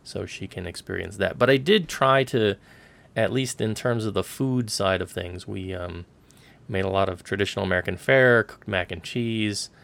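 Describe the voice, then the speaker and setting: A fairly low, creaky male voice at normal speed belongs to a podcast co-host. He chats in a relaxed manner, rambling and dropping fillers throughout.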